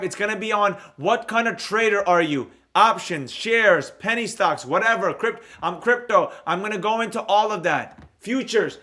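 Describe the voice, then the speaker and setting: A man hosting his own live stream on trading, chatting loosely and answering viewer comments in a rambling, energetic way. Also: high-pitched. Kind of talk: casual live-stream chat reading comments.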